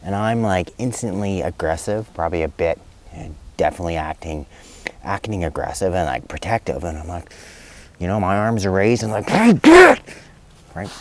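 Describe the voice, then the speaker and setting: Middle-aged male vet, low voice, loose and chatty with many fillers and restarts. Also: brisk, darkish tone. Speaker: veterinarian. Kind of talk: casual spoken advice video.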